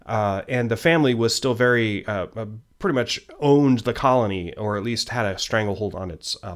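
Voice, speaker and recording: A man with a somewhat low voice teaches a history class straight to the camera. He talks in a relaxed, unscripted way, often stopping on ums and uhs and dropping self-deprecating asides. It sounds like a desk mic in a home setup.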